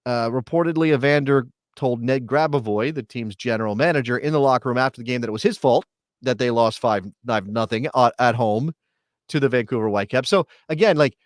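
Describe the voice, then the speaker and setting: A man's voice: mid-range voice, a little fast, dry recording, studio quality. A man hosting a live sports talk show, chatty and joking, with many fillers and restarts. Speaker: podcast host.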